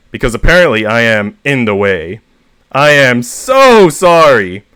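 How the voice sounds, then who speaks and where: A man reading humorous short stories aloud with a deadpan comic delivery, as a VTuber reader. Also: on the low side, clean tone, dry recording.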